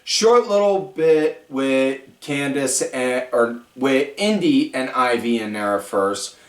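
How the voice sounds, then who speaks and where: A man's voice: mid-range voice, slow pace. Man rambling through an echoey recap. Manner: rambling, animated storytelling with lots of fillers. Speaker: podcast host. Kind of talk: casual wrestling recap. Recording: echoey room, far from mic.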